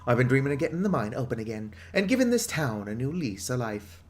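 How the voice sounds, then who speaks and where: A man's voice: medium pitch, sing-song, quick pace, a little hiss or hum, natural voice. A man voicing a chatty, gloomy older woman who runs a pub, in a put-on British accent with theatrical reading. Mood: grumbling.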